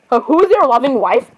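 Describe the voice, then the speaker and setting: A woman's voice: high voice, lo-fi sound, very noisy. A woman giving casual gameplay commentary, chatty and playfully sarcastic, laughing often. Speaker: gamer.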